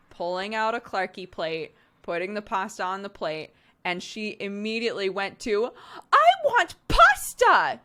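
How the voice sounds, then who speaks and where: A woman's voice: mid-range voice, a bit bright. A woman hosting a live stream, chatting casually and frankly, often laughing and swearing now and then. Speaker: streamer and host. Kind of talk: casual chat.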